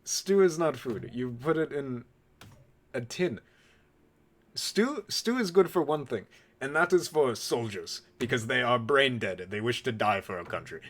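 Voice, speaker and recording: A man's voice: mid-range voice, lively intonation, a little slow, fairly bright tone. A man playing a haughty, scornful head chef. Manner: lecturing, formal speech without contractions.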